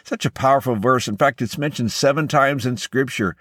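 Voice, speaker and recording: A man hosting a devotional podcast, speaking in an earnest, measured and encouraging way as he delivers a scripted message. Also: mid-range voice, a bit bright, slightly rough, dry recording, clean studio sound.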